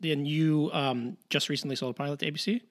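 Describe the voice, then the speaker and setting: A man's voice: a little high, steady tone, quick pace. A man interviewing a guest, asking loose casual questions and giving brief affirmations.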